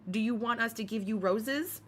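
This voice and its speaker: A woman's voice: a little high, moderate pace, fairly bright tone, a little hiss or hum. A woman hosting a casual commentary livestream, chatty and gossipy, swearing freely and greeting viewers by name. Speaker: livestream host.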